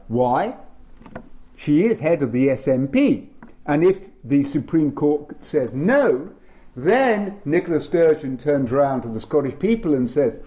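A man speaking on constitutional law at a panel, emphatic and lively, with frequent fillers. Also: a little high, measured pace. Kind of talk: lecture-style panel talk.

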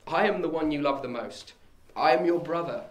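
A man's voice: a little high, moderate pace, voice pushed up, lightly acted. A man voicing a young man who has come home to his sister, earnest and reassuring as he reads a stage scene aloud. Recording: echoey room.

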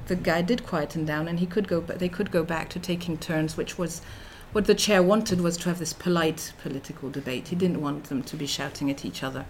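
A woman's voice: deep voice, brisk, hardly any pauses, a little hiss or hum. Woman giving a thoughtful academic talk. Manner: thoughtful, with frequent fillers and restarts. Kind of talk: academic lecture.

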